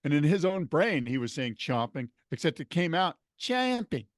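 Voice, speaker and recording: A man's voice: a little high, sing-song, moderate pace, no room sound, clean studio sound. A man co-hosting a podcast in casual chat, telling stories with laughs mid-sentence. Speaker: podcast co-host.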